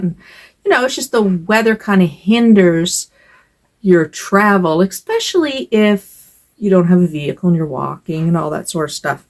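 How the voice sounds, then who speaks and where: Older woman vlogger, casual home chat, hesitant and rambling, low gravelly voice. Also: expressive, normal speed. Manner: rambling, hesitant, with sighs and fillers.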